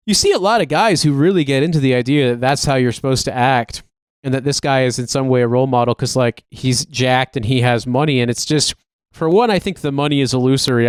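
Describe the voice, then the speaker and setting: This podcast co-host from the United States has a smooth, medium-pitched voice captured at studio quality without echo. His casual talk wanders, full of profanity and "like."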